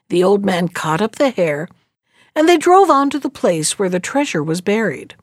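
A woman reading a fairy tale aloud in an expressive, unhurried storytelling manner. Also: mid-range voice, no room sound, clean studio sound.

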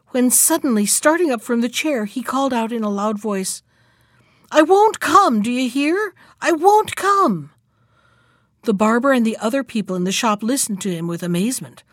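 A woman storyteller reading a fairy tale aloud in an expressive, measured way. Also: on the high side, no echo, studio quality.

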